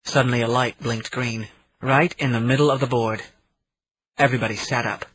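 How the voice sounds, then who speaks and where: A man narrating an audiobook in the first person, in a steady reading manner. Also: mid-range voice, moderate pace, a little hiss or hum, low-quality recording. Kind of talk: scripted narration.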